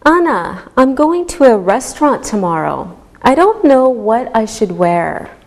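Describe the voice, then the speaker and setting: A woman teaching an English grammar lesson, speaking clearly and deliberately to her students. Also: fairly high pitch, big pitch swings, a little mellow. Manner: slow, clearly enunciated teaching voice. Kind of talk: slow classroom instruction.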